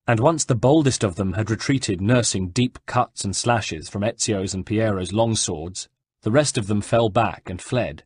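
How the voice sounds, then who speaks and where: A male audiobook narrator with a husky, slightly breathy voice, reading in a measured storytelling manner. He sits close to the mic in a dry, dead room. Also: fairly low pitch, dry recording. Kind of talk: scripted narration.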